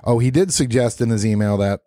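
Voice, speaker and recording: A man's voice: mid-range voice, brisk, dark tone, no room sound, studio quality. A man co-hosting a casual podcast, reading listener emails aloud with jokey asides. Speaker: podcast co-host.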